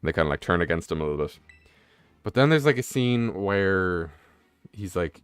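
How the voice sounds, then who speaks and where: In a deep, clean-toned voice with no room sound, a young man talks a little fast while streaming a game. His commentary is casual and rambling, loaded with fillers and swearing.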